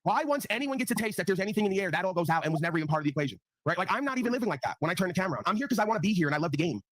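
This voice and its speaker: A man's voice: sits high, big pitch swings, racing, a bit bright, no room sound. A man hosting a live online panel, talking in a blunt, profane way and often tagging his points with "right?". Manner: blunt, profane, repeats tag questions. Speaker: livestream panel host. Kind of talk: casual ranting talk.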